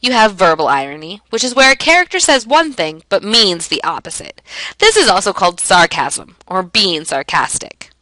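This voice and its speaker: A woman teacher explaining a lesson in a clear, emphatic way, asking and answering her own questions. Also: medium pitch, big pitch swings, moderate pace, pushed and bright, dry recording, rough recording. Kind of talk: classroom lesson narration.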